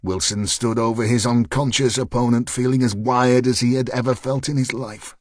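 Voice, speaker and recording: A man reading an audiobook in a steady, measured storytelling manner on a close studio mic. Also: medium pitch, dry recording. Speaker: audiobook narrator. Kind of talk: scripted narration.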